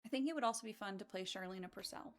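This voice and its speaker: A woman's voice: mid-range voice, racing, faint music behind. A woman hosting a charity speedrun stream, chatting in a bubbly, playful way with frequent giggles. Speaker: charity speedrun marathon host. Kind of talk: casual chat.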